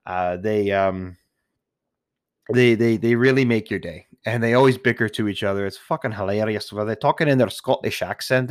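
Give me a talkative, foul-mouthed man with a low voice, rambling on casually. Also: moderate pace, no echo, clean studio sound. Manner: profane, chatty, restarts often. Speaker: retail worker talking to listeners.

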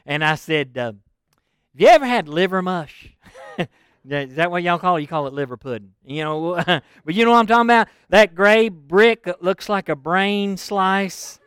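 Folksy preacher, high clear voice. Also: male voice, normal speed, dry recording, clean studio sound. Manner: folksy, animated storytelling with laughs. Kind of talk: sermon.

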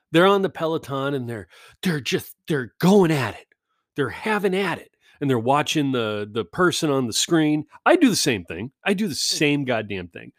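A man's voice: medium pitch, no echo, studio quality. A man in a casual rambling monologue, ranting and self-deprecating, swearing often.

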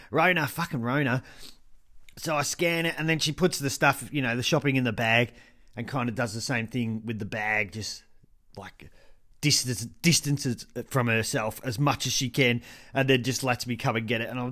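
A man's voice: medium pitch, moderate pace, fairly bright tone. Stuffy-nosed Australian man chatting casually. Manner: chatty, laughs often, swears freely. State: stuffy from hay fever, sniffling. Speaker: podcast host. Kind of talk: casual solo storytelling.

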